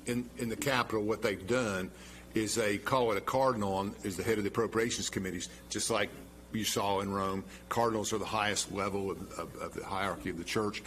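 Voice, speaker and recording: A middle-aged man hosting a local TV interview show, talking in a conversational, halting way. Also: on the low side, steady tone, fairly bright tone, a little hiss or hum. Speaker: TV show host. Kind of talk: interview talk.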